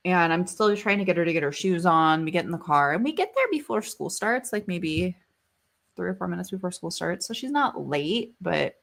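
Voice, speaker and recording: A woman's voice: fairly low pitch, very animated, normal speed, gravelly, a bit bright. A woman in her thirties, a podcast co-host, telling a story in casual chat. She rambles with many fillers and swears freely.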